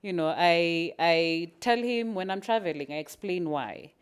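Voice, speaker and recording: Mom talking straight about parenting, lowish voice, gets animated acting bits out. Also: female voice, a little slow, clean tone. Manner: frank, animated, acts out little scenes with laughs. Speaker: parent sharing at a parents' event. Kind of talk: candid reflective talk.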